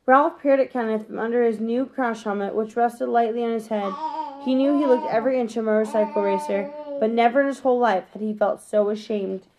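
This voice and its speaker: A woman gently reading a children's chapter book aloud, sometimes correcting herself mid-sentence. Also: a little high, fairly even intonation, fairly quick, crowd noise, low-quality recording. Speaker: storybook reader.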